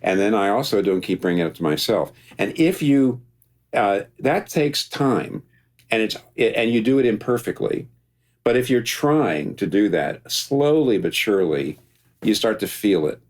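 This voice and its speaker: Male pastor guest, deep voice, reflective and self-correcting, light humor. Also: animated, moderate pace. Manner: thinking aloud, many restarts, gentle humor. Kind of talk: reflective interview conversation.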